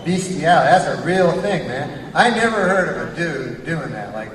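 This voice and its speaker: A man's voice: a little high, very animated, normal speed. A man doing a rambling, profane stand-up routine, often chuckling at his own jokes. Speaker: stand-up comedian. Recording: echoey hall, mic far off, loud crowd and noise.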